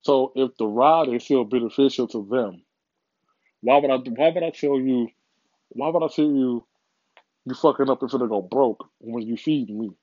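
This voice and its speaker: A man's voice: medium pitch, moderate pace, a little mellow, no echo. Man ranting profanely, dull dry recording. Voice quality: profane, rambling, repeats himself. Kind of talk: casual motivational monologue.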